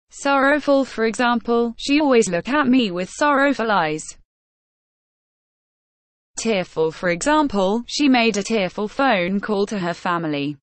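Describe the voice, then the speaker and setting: A woman reads a vocabulary list aloud, pausing after each word in a slow, measured way. Her voice sits at an ordinary middle pitch. The recording is dry and close, with no room sound. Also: dry recording. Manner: measured, evenly paced, one word at a time. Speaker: vocabulary instructor.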